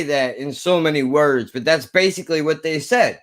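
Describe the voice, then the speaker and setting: A man in his thirties rants through a story, swearing freely and getting heated. His voice sits a little high for a man, and he stays animated and worked up throughout. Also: normal speed. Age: 30s. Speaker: vlogger. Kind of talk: ranting storytelling.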